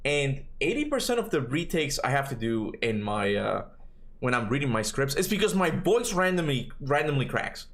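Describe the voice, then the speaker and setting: A man's voice: medium pitch, big pitch swings, normal speed, fairly bright tone. A man in his thirties, not a native English speaker, chatting casually on a livestream, rambling and tagging his points with questions, his voice cracking now and then. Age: 30s. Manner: rambling, tags questions with "right?". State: occasional voice cracks. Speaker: streamer.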